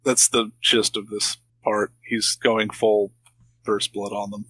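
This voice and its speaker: A man's voice: lowish voice, level tone, slow pace, sharp tone, husky, dry recording, poor audio. A man co-hosting a podcast, making wry jokey asides and laughing often while discussing a film. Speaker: podcast co-host. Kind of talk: casual movie-recap chat.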